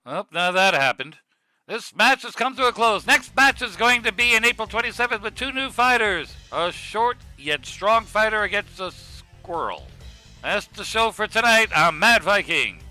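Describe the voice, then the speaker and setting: A man doing Mad Viking, brash bright-voiced host. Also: high voice, sing-song, normal speed, soft background music, heavily acted, low-quality recording. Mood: showy.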